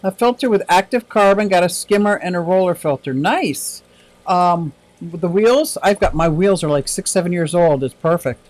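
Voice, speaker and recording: A man's voice: sits high, moderate pace, darkish tone, no room sound, rough recording. A man hosting a casual livestream, chatting in a rambling, upbeat way and answering viewer comments aloud. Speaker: livestream host.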